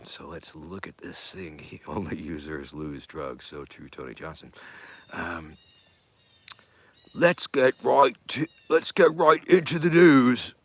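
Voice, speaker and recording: This show host runs a casual live stream, rambling offhandedly with plenty of fillers and often sinking to a mutter or whisper. His voice is bass and a bit bright.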